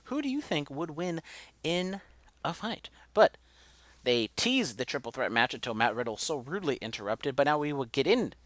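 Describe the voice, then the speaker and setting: Bright-voiced man recapping wrestling. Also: on the high side, moderate pace, no echo. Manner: animated, joking, rants with mock outrage. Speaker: podcast co-host. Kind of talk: casual wrestling recap chat.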